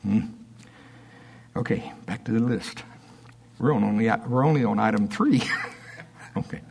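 A man preaching a sermon in church, emphatic and folksy, swinging between loud outbursts and quiet asides. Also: on the low side, unhurried, creaky, slightly rough.

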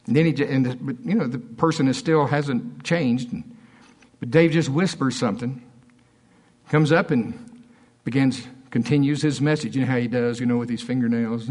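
Man, pastor, sermon, husky voice, storytelling, lively swings in pitch. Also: moderate pace. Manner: storytelling preacher, swings between high animated quotes and low asides.

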